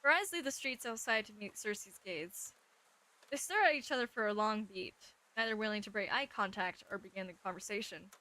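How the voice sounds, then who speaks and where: A woman's voice: mid-range voice, brisk, sharp tone. A woman streamer reading a visual novel aloud, narrating in a playful way and often breaking off to comment on the text. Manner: playful, self-interrupting narration.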